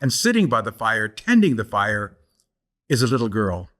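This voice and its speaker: A man's voice: on the low side, very animated, normal speed, a bit bright. An older man, a guest storyteller, telling a folk tale aloud in a rhythmic, repeating cadence. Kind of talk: oral storytelling.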